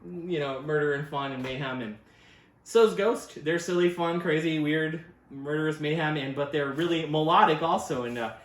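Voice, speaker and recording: A man's voice: fairly high pitch, steady tone, a little fast, few pauses, echoey room. A man hosting a casual record review show, talking enthusiastically and rambling, with many fillers and self-corrections. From United States. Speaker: record store owner and show host. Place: record store.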